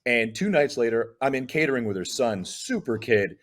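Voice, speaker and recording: Speaking at a normal pace with a medium-pitched voice, a middle-aged comedian recounts stories during a relaxed interview. He's animated, performing the dialogue in character voices.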